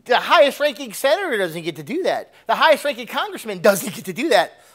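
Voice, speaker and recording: A man preaching a sermon, animated, swinging between loud emphatic bursts and low asides. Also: a little fast. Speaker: pastor.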